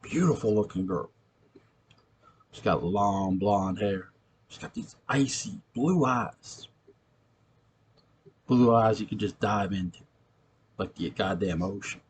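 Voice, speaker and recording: A man's voice: on the low side, takes it slowly, long pauses, a little hiss or hum. A young man with a New York accent, playing an ex-convict who tells a streetwise, profane story of a ghostly encounter in a gritty manner. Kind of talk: acted monologue, recounting a tale.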